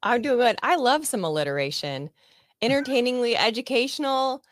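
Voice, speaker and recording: A woman guesting on a podcast in casual chat, talking in a lively, chatty way and laughing often. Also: a little high, moderate pace, no echo, studio quality.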